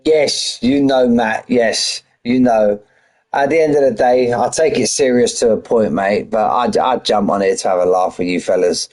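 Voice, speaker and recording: A man's voice: medium pitch, normal speed, darkish tone. A middle-aged man chatting casually on a stream before commentating a sim racing league, full of banter and greeting viewers as mate. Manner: chatty, banter-heavy, greets chat by name, says mate a lot.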